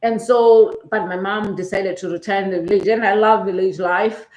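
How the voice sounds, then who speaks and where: A woman's voice: medium pitch, steady tone, normal speed, a little mellow. Emotional South African woman telling her story. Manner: chatty, often adds "okay?" to check in with viewers; emotional, close to tears. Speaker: vlogger. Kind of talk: casual personal storytelling. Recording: roomy echo.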